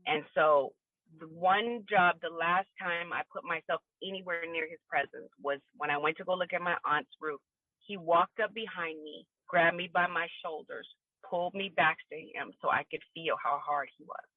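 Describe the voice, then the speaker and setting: A woman's voice: lowish voice, normal speed, dry recording. Brief: woman guest, candid emotional testimony, dry phone-line sound. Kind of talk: personal testimony in a podcast interview.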